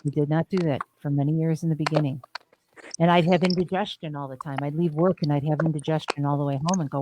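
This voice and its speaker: A woman's voice: deep voice, fast talker, background noise. Blunt, emphatic woman therapist. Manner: blunt, emphatic storytelling with swearing. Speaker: therapist and podcast host. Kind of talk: candid podcast discussion.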